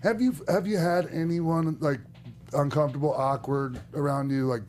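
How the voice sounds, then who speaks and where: A man with a gravelly voice in casual podcast chat, asking halting questions full of fillers. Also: fairly high pitch, darkish tone, faint music behind.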